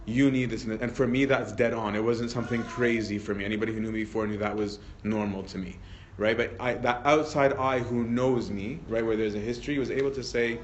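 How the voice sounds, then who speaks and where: A male priest leading a Bible study in a relaxed teaching manner, often adding tag questions and restarting sentences. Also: fairly low pitch, fairly quick, a little hiss or hum. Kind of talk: conversational teaching talk.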